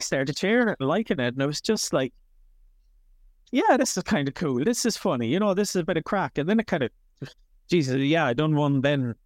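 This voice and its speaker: An Irish man in his thirties, a comedian chatting as an interview guest in a rambling, animated way that swears freely. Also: medium pitch, dry recording, studio quality. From Ireland. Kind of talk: casual interview chat.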